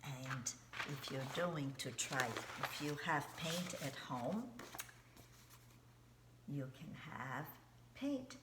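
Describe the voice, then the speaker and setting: Slow, low-voiced woman teaching kids art. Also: echoey room, noisy background. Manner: slow, simple, coaxing teacher talk with questions to kids. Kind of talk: children's art lesson.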